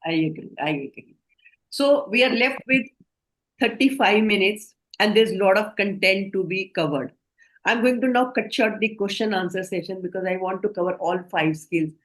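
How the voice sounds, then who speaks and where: A woman with an Indian English accent, leading a healthcare communication training session in a measured, explanatory way and often asking the group questions. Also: mid-range voice, low-quality recording. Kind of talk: online training lecture.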